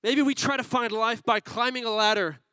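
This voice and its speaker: Playful high-voiced male pastor. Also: fairly even intonation, moderate pace, pushed and bright, smooth, dry recording, poor audio. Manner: playful, teasing the congregation. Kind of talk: sermon with a comic story.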